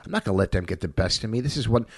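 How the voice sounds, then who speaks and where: A man's voice: fairly low pitch, expressive, racing, slightly rough, no echo. A man hosting a casual chat, blunt and swearing as he talks about doing comedy gigs. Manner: blunt, swears, speaks from a comic's view.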